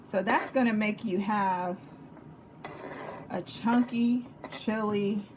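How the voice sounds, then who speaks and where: A woman's voice: mid-range voice, steady tone, takes it slowly, pauses often, noisy background. A woman with a Texas accent talking through a home cooking demonstration, chatty and jokey, checking in with viewers as she goes. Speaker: home cook. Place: home kitchen.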